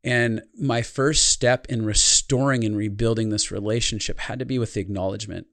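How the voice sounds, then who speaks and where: Man, low voice, earnest, reflective storyteller, podcast guest, dry close sound. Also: steady tone, normal speed, vocal fry, fairly bright tone, dry recording. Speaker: podcast guest, life consultant. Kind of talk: podcast interview conversation.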